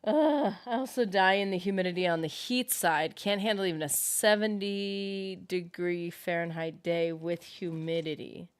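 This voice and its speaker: A woman's voice: lowish voice, moderate pace, hardly any pauses, smooth, no echo. A woman streaming a game, chatting casually with viewers in a rambling way, full of fillers, and reading out chat comments.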